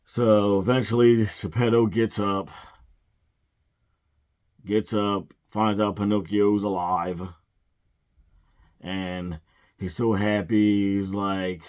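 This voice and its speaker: A man with a lowish voice rants casually about a film, sounding exasperated and sighing often. He drops into mumbled little impressions of the characters as he recaps. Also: flat delivery, slow, long pauses, a little mellow, smooth. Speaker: movie reviewer.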